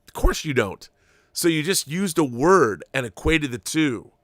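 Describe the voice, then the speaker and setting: A man's voice: fairly high pitch, very animated, a little slow, no echo. Ranting, sarcastic man in a dry room. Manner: profane. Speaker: channel host. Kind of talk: opinion commentary monologue.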